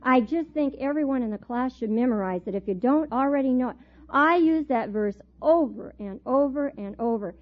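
A middle-aged woman teaching a Bible class, telling a personal story in a lively way and laughing often as she talks. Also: high voice, moderate pace. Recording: tinny phone-like recording.

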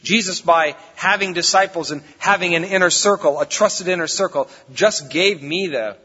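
A man's voice: high voice, normal speed, pushed and bright, slightly rough. A man preaching a sermon as pastor, in a conversational, folksy way, recorded in a church hall. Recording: reverberant hall, dull lo-fi sound.

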